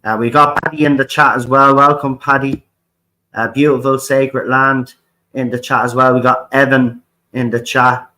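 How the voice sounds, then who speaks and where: A man's voice: medium pitch, flat delivery, moderate pace, sharp tone, rough recording. Fiery Irish man ranting on a livestream. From Ireland. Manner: fiery, repetitive, swears often, keeps asking "right?". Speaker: livestream host. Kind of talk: impassioned livestream rant.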